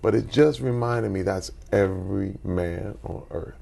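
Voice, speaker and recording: Man guest in his 40s, raspy gravelly voice, lively storyteller who acts out the dialogue. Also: measured pace. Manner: animated storyteller, acts out quotes with big pitch jumps. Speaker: interview guest. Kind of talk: conversational storytelling.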